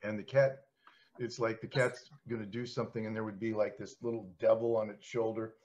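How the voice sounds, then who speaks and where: A man hosting a podcast in casual chat, telling stories in a rambling, animated way. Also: fairly low pitch, a little fast. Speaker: podcast host. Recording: slightly dull podcast audio.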